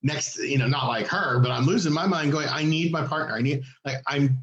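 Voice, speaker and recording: A fairly high-voiced man tells a story in a loose, chatty way, mimicking everyone he quotes with sudden leaps in pitch. The recording has a noticeable roomy echo around him. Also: a little fast, highs cut off, a little hiss or hum. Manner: animated, acts out quoted people with big pitch jumps. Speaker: podcast co-host. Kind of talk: casual storytelling chat. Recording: echoey room.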